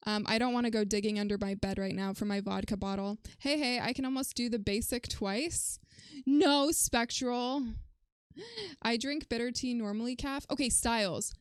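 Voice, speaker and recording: A chatty woman streaming from home, talking through her experiment and answering chat with lots of fillers. Her voice sits a little high and sounds smooth and clear. The sound is close and dry, with almost no room echo. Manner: chatty and animated, reads chat aloud, frequent "um" and "like". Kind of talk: casual livestream chat.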